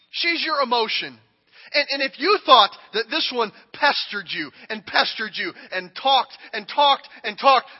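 A man preaching a sermon and acting out a king speaking, dramatic and emphatic, moving between hushed lines and shouting. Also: very high-pitched. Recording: long hall reverb, dull audio.

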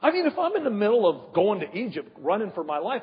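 Husky preacher with a lively high voice. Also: male voice. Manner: emphatic, rhetorical questions, drawn-out pauses. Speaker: pastor. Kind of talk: sermon. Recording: dull echoey hall.

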